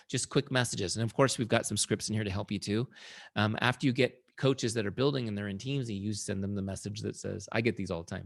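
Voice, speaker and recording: A middle-aged man hosting a casual webinar, chatty and warm, telling stories and often checking in with "right?". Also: fairly low pitch, fast, creaky, dry recording, studio quality. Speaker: webinar host and software founder.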